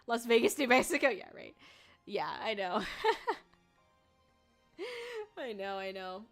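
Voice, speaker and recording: A woman's voice: fairly high pitch, huge pitch swings, takes it slowly, fairly bright tone, soft background music. A young woman streamer chatting casually with her viewers, bubbly and giggly, with lots of filler words. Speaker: VTuber streamer. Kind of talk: casual livestream chat with viewers.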